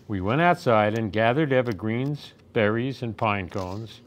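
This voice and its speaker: A man reading a children's picture book aloud at storytime, with gentle, expressive storytelling. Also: fairly low pitch, measured pace, few pauses. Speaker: storytime reader.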